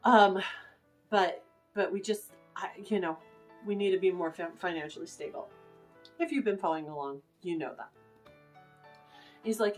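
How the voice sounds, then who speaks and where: A woman's voice: fairly low pitch, moderate pace, long pauses, soft background music. A middle-aged woman vlogging in a casual, rambling way, anxious and emotional, full of fillers and restarts. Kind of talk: casual rambling vlog chat.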